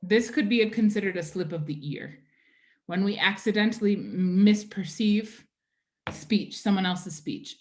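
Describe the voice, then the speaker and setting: A woman teacher giving a lecture in an online class. She talks at an everyday middle pitch and explains things patiently, one step at a time. She keeps checking in with her students by asking "right?" and "okay?". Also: measured pace, darkish tone.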